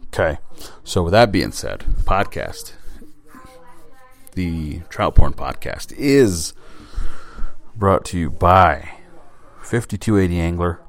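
Solo podcast host, man, deep voice, blunt and rambling, swears casually. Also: lively intonation, slow pace, pauses often.

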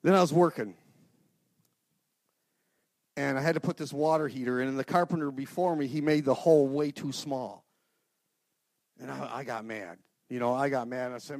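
A middle-aged man giving an informal, earnest sermon to a men's group, swinging from loud outbursts to hushed prayer. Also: medium pitch, moderate pace, no echo, studio quality. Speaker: lay speaker at a men's gathering.

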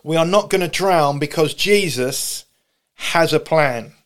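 Impassioned male preacher, higher voice. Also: a little slow. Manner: impassioned, builds to high shouting pleas. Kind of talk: sermon. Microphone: camera broadcast.

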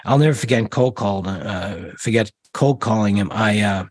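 A man's voice: lowish voice, normal speed, dry recording. A middle-aged man, a guest in an interview, telling rambling stories with many restarts and fillers. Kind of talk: casual interview storytelling.

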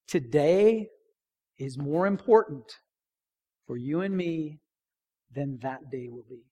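A middle-aged man preaching a sermon in a church, emphatic, repeating key phrases and dropping to a near hush for stress. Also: on the high side, animated, slow. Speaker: pastor.

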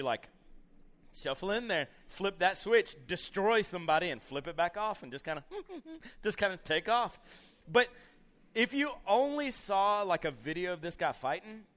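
Animated man telling a story. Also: high-pitched. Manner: animated storyteller acting out scenes, many "you know" fillers. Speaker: camp speaker. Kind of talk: storytelling sermon to youth.

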